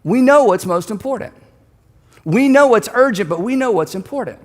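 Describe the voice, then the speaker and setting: A man's voice: high-pitched, animated, moderate pace. A middle-aged man preaching a sermon as a pastor, talking in a conversational way that builds to emphatic repeated lines. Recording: long hall reverb.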